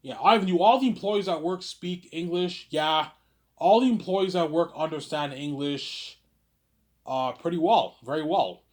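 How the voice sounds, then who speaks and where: A man's voice: on the high side, unhurried, a little mellow. A man from Quebec rambling through a casual livestream monologue, stumbling over restarts and tacking on the same filler word again and again. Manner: repetitive, stammering restarts, keeps saying "obviously". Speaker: livestream host reading viewer questions.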